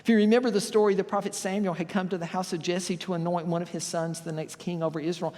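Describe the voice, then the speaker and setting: A man's voice: high voice, level tone, fast talker, darkish tone, in a large hall. A man preaching a sermon as pastor, telling folksy stories and acting out the voices of the people in them. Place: church sanctuary.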